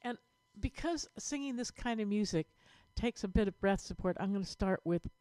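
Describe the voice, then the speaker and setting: Upbeat woman leading vocal warm-ups. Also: medium pitch, expressive, normal speed, dry recording. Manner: upbeat, encouraging, demonstrates breathing sounds. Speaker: choir director. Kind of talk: online vocal warm-up lesson.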